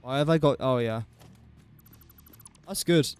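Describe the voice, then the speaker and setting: A man's voice: mid-range voice, unhurried, darkish tone, clear, resonant tone. A young man casually commentating his gameplay on a livestream, chatty and joking at his own expense. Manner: chatty, self-mocking, joking asides. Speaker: gaming livestreamer.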